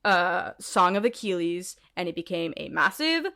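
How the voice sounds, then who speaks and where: A woman's voice: lowish voice, normal speed, creaky. Ranting, laughing woman podcast co-host. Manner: animated, ranty, swears and laughs often. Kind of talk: casual chat.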